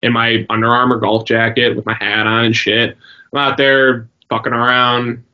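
A young man co-hosting a podcast, telling a story in a rambling, swearing, animated way. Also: medium pitch, moderate pace, clean tone. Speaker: podcast co-host. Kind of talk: casual chat. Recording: dull lo-fi sound.

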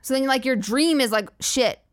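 A woman's voice: sits high, normal speed, no room sound, clean studio sound. A young woman hosting a podcast, ranting casually with sarcastic, profane, rambling asides. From United States. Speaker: podcast host. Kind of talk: casual comedic rant.

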